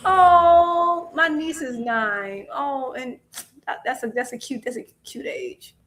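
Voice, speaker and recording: Wanita cerewet bersuara agak tinggi. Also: female voice, a little high, pushed and bright. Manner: chatty, quick to laugh. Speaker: boxing podcast co-host. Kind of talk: casual live-stream chat.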